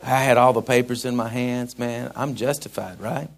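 A man preaching a sermon in a folksy, conversational way that swells into emphatic, shouted points. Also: medium pitch, steady tone, moderate pace, gravelly. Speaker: pastor.

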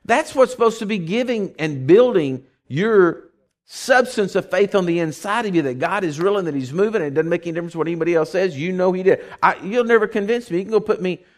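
A man preaching a conversational sermon, folksy and animated, telling stories and acting out voices. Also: high voice, quick pace. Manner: animated storytelling, acts out voices.

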